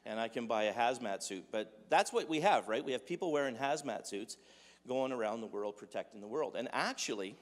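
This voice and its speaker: Brisk and medium-pitched with lively intonation, a man from a Dutch heritage gives a funny, conversational sermon, peppered with rhetorical questions. Long reverb fills the echoey hall.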